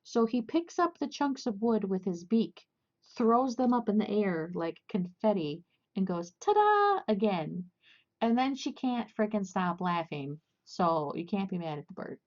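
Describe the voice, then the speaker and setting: A woman's voice: mid-range voice, measured pace, a little mellow, dull audio. A young woman casually chatting and rambling with lots of fillers and restarts while hosting a crochet livestream.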